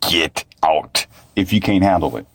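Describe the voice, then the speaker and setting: A man's voice: low voice, unhurried, a bit bright. A man telling a story in a blunt, preachy monologue that repeats itself. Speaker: vlogger.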